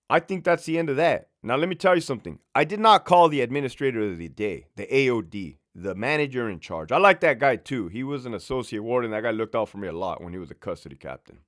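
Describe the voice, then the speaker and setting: A man, a former prison lieutenant, telling a work story in a casual, profane, animated way. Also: medium pitch, brisk.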